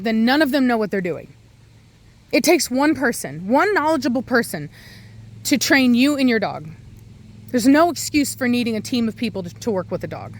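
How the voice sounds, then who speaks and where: A woman who breeds and trains dogs, ranting bluntly and with exasperation in an opinionated commentary. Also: high-pitched.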